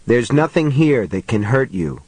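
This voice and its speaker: A man voicing a patient, mysterious voice heard inside someone's head, speaking calmly and steadily. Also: mid-range voice, unhurried, slightly rough, no room sound. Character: calm, patient mysterious inner voice.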